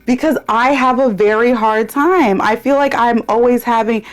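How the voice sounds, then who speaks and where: A young woman who owns a spa, telling stories in a casual, animated chat and laughing easily. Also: fairly high pitch, moderate pace. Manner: animated storytelling, bursts of laughter. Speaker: spa owner and podcast host.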